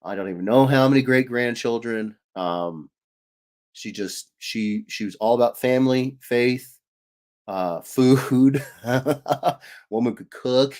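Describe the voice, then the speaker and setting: A man's voice: mid-range voice, slow, a little mellow. Male stream host in his 30s, rambling and jokey, reads chat aloud. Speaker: host of an art livestream. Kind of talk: casual livestream chat.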